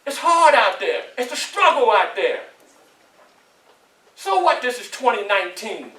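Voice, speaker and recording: A man with a Southern US accent giving a motivational speech to students in a college hall, preachy and animated, often asking the crowd questions. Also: very high-pitched, a little slow. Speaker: motivational speaker. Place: large echoey college hall. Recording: echoey hall, voice from far off.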